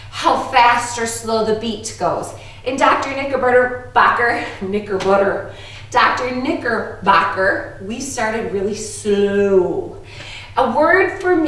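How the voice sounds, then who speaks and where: A woman teaching an online music lesson to young children, upbeat and playful, with an exaggerated teacher voice. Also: on the high side. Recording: very echoey room, distant from the mic.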